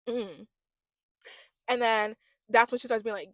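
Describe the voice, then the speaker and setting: A woman giving a gossipy, animated recap of a reality dating show, imitating the cast as she goes. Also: on the high side, normal speed, pauses often, no room sound. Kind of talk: casual reaction commentary.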